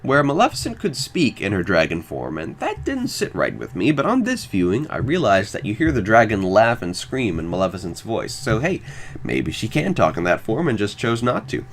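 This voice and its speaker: A man's voice: lowish voice, normal speed, a little hiss or hum. A man hosting a podcast, reading a scripted film review in a wry, enthusiastic way. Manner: wry, enthusiastic, lively intonation. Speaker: podcast host.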